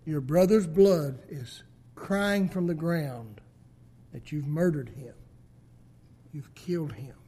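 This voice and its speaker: Slow, swelling male preacher. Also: husky. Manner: swings between loud emphasis and hushed lows. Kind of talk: sermon.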